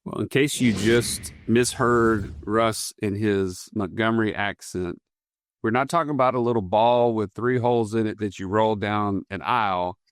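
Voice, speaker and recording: A man's voice: on the low side, moderate pace, smooth, no room sound, clean studio sound. A man co-hosting a finance podcast, upbeat and joking, who builds his points step by step. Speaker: podcast co-host.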